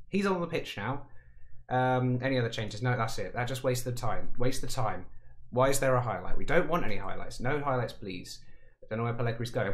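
A man giving casual, excitable commentary over a football management game, talking to himself and panicking aloud. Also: mid-range voice, brisk. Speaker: gaming YouTuber.

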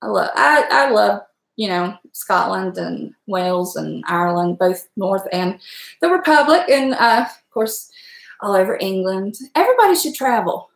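A chatty middle-aged woman with a Southern accent from Southwestern Virginia talks casually to her viewers. She wanders from thought to thought and laughs often. Her voice sits at a middle pitch, and the room around her rings with echo. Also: big pitch swings, creaky. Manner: chatty, rambling, quick to laugh. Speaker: livestream host chatting with viewers. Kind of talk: casual chat.

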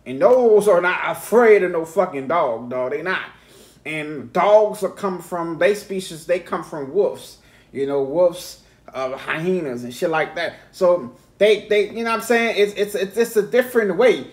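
A man's voice: high voice, unhurried. A man hosting a reaction video, telling a rambling, profane story in casual chat.

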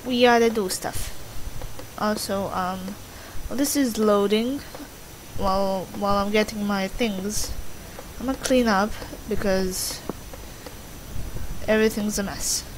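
A woman's voice: medium pitch, steady tone, unhurried, pauses often, slight background noise, rough recording. A young woman giving casual gameplay commentary, rambling, hesitating and swearing now and then. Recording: music playing behind.

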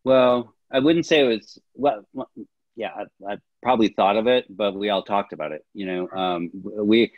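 A man with a very low voice explains his filmmaking choices as a director and historian, earnest and thorough. The sound is dry and dull, like a lo-fi call. He speaks in plain conversational sentences. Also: moderate pace, no room sound. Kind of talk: casual interview answers.

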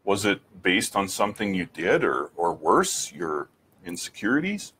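A man giving an earnest personal faith testimony, reflective, with frequent pauses and restarts, asking the listener direct questions. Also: lowish voice, a little hiss or hum. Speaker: speaker sharing his faith testimony.

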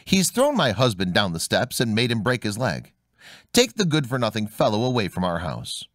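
A man's voice: fairly low pitch, huge pitch swings, moderate pace, fairly bright tone, no echo, clean studio sound. A man voicing a distraught middle-aged woman, agitated and accusing, in a storybook reading.

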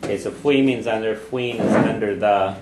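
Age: adult. Sex: man. Role: language teacher. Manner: patient, step by step. Pitch: low. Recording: echoey room. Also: normal speed, very noisy. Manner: patient, breaks phrases down word by word. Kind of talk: teaching a group class.

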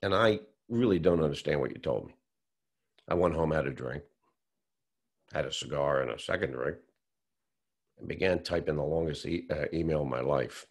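Man, low voice, gravelly, storytelling interview, animated retelling. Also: moderate pace, long pauses. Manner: animated storyteller who acts out quotes. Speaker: whistleblower telling his story.

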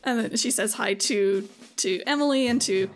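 A woman's voice: medium pitch, moderate pace, faint music behind. A woman narrating a tabletop game as game master, chatty and laughing often.

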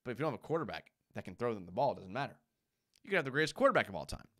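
Emphatic, lively sports talk host man. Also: medium pitch, very fast. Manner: emphatic, rhetorical questions, repeats his points; reads viewer comments aloud. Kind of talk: live sports talk show rant.

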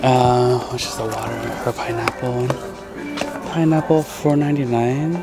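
A man chatting casually as a vlogger out thrift shopping, excitable and full of "like". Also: medium pitch, a little slow, gravelly. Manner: excitable, chatty, heavy use of "like". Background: background music.

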